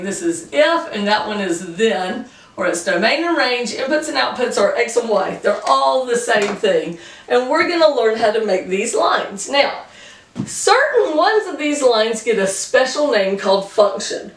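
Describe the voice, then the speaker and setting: A woman's voice: a little high, far from the mic. A woman teaching a pre-algebra lesson, explaining patiently and counting points aloud in a homey, chatty way. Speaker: math teacher. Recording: echoey room, voice from off-mic.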